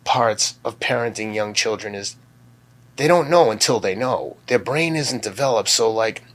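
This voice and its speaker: A man in his fifties, a guest, talking candidly and telling personal stories, sometimes acting out his own shouting. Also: animated, moderate pace. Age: 50s. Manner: acts out his own past yelling in sharp high bursts. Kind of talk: candid conversational storytelling.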